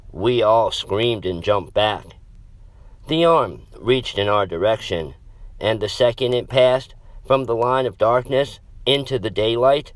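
A man narrating a horror story in a dramatic, measured way. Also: lowish voice, no echo.

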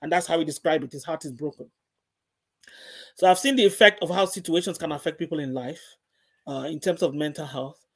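A woman's voice: low-pitched, fairly quick, long pauses, slightly rough. A middle-aged woman, a guest, gives an earnest personal faith testimony and repeats phrases for emphasis.

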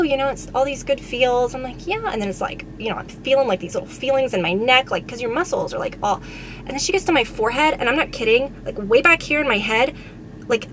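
A woman's voice: high voice, fairly bright tone, a little hiss or hum. A young woman, chatting casually and telling a story full of fillers while she sits in a car. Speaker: beauty vlogger. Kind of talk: casual chat while driving.

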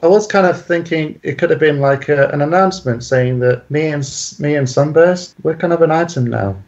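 Hesitant, slightly high-voiced man, lo-fi. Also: brisk, a little mellow. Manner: hesitant, full of restarts and fillers. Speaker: commentator. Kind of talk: casual reaction chat. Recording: dull lo-fi recording.

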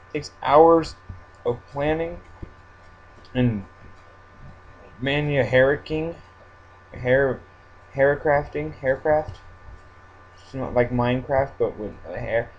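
A man's voice: medium pitch, darkish tone. A hyper young-sounding man rambles through his own game commentary, cracking goofy jokes along the way. The audio is dull and lo-fi, with a faint hiss underneath. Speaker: Minecraft let's-play vlogger.

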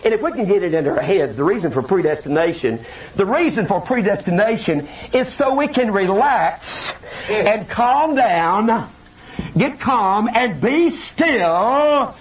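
An older male preacher delivers a sermon in a high, lively voice that leaps up and down as he acts out scripture quotes. He is picked up from across the room, and a faint hiss sits behind him. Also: a little slow. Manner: animated, dramatic preaching with acted-out quotes. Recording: distant mic with faint hiss.

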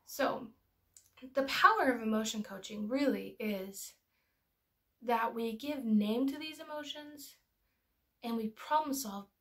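A woman's voice: fairly high pitch, slow pace, long pauses. A young adult woman and parenting educator giving an earnest, personal explanatory talk that is full of anecdotes.

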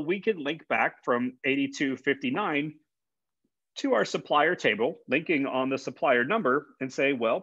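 A man's voice: mid-range voice, fairly bright tone, no echo. A man, a college instructor, giving a conversational classroom lecture with fillers and repeated words. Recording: dull, dry lecture recording.

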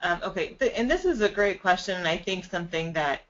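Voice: mid-range voice, lively intonation, a little fast, fairly bright tone. A webinar moderator reading out audience questions in a conversational, slightly hesitant way. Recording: muffled webinar audio.

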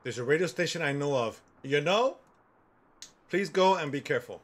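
Man voicing a scared stuttering informant, lively pitch, hurried and pleading. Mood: nervous, urgent. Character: nervous stuttering male stranger on the run.

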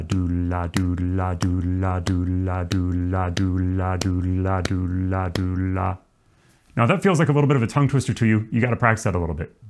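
A man teaching trombone, explaining swing feel in a relaxed, demonstrative way. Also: medium pitch. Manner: relaxed, demonstrative, counts off and sings rhythm syllables. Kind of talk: music lesson.

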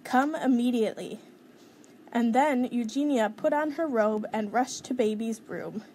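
Woman, storybook reader, bright higher voice, faint background hiss. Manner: clear, measured storytelling. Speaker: children's book reader. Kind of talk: reading a picture book aloud.

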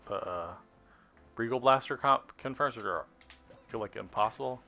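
A man's voice: medium pitch, normal speed, creaky, pushed and bright. Rambling man streaming combo practice. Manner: rambling, self-correcting, talks to himself while testing. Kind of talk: casual live-stream commentary while playing. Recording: dull lo-fi stream audio with faint game music. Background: faint game music.

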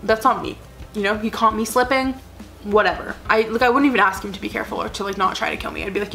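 A woman's voice: mid-range voice, fast talker, vocal fry, pushed and bright, soft background music. A young adult woman chatting casually as a vlogger, rambling earnestly with lots of "like" fillers. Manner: rambling, full of "like" fillers, gushing; emotional, earnest. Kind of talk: casual chat.

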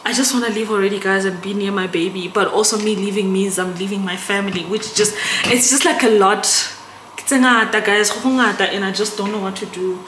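A woman's voice: mid-range voice, brisk. A young South African woman vlogging casually to camera, chatty and emotional, often turning to her viewers. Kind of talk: casual vlog chat to camera. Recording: echoey room with background noise.

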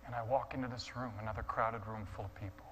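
A man telling a dramatic sermon story, swinging from hushed, quiet passages to impassioned shouting. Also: medium pitch, fairly even intonation, fast, slight background noise, rough recording. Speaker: guest speaker.

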